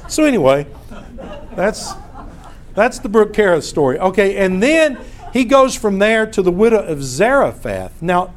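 A man teaching a casual Bible lesson, telling stories in an animated way and often breaking off to restart a phrase. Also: fairly high pitch, a little hiss or hum. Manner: storytelling, animated, self-interrupting.

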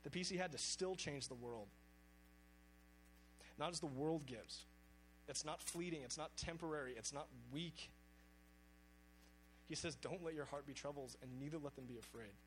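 A male preacher delivers an earnest sermon in a somewhat high voice. He reads scripture with weight and emphasis. A faint hum runs under the recording. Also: moderate pace, pauses often, rough recording.

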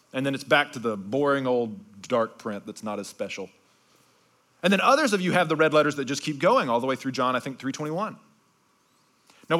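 Male pastor, slightly higher voice, bright and forceful, conversational sermon with hushed, slowed emphasis. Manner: conversational, with repeated asides like "okay?".

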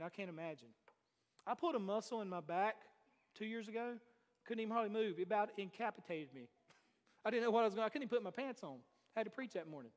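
A high-pitched man preaching to his congregation. He moves from booming statements to quiet, intimate asides and keeps asking the room questions. His voice rings with the long reverb of a big church hall. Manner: swings between loud declarations and hushed asides, with many rhetorical questions. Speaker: pastor. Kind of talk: sermon. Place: church sanctuary.

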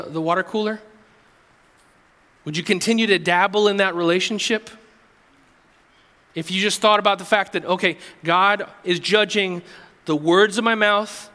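A man preaching a sermon to his congregation, earnest, dropping soft and low for quoted prayers and rising for exhortation. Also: big-room sound. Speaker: pastor. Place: church.

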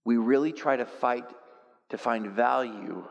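A man preaching a sermon as pastor, telling stories with self-deprecating humor and swinging from quiet reflection to loud, animated outbursts. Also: medium pitch, measured pace, gravelly, long reverb tail, lo-fi sound.

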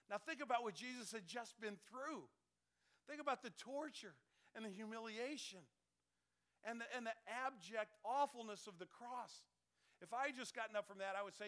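High bright-voiced pastor in his fifties. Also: normal speed. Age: 50s. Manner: conversational, animated, drops to soft calm tones. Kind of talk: sermon.

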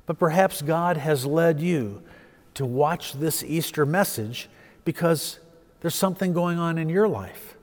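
Male pastor, storytelling sermon, slightly high voice, long hall reverb. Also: measured pace. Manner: storytelling preacher, swelling with emphasis then dropping soft.

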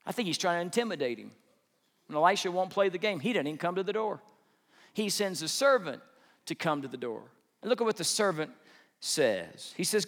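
A man preaching a sermon, conversational and animated, acting out the quotes he tells. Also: fairly high pitch, normal speed, long reverb tail. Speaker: pastor.

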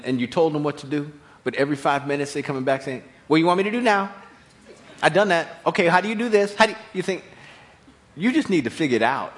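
A man preaching a sermon, telling the story with animated delivery, acted-out voices and repeated words. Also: a little high.

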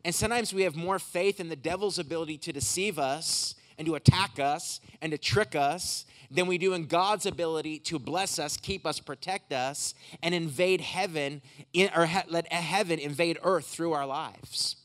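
A man preaching as a guest speaker in a church service. He moves from emphatic, rising preaching into quiet, intense prayer for healing. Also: a little high, normal speed. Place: hotel conference room church.

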